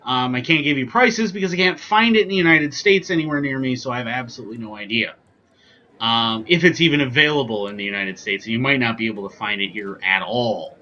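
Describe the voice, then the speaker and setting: A man's voice: medium pitch, brisk, pushed and bright, muffled recording, a little hiss or hum. A man hosting a casual whiskey tasting vlog, chatty and joking with lots of ums and asides. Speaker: whiskey reviewer, channel host.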